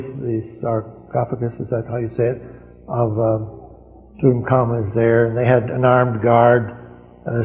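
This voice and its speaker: A man's voice: medium pitch, dark tone. An older man recounting old memories to a gathering, rambling with frequent chuckles and fillers. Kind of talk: anecdotal storytelling talk. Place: large hall at a gathering. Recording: dull archival recording in reverberant hall.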